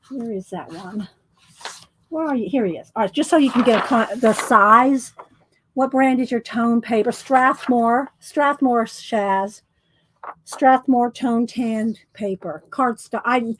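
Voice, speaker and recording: An artist vlogger with a slightly high voice chats casually and rambles while flipping through her artwork, a little out of breath and saying "y'all." The recording is low quality.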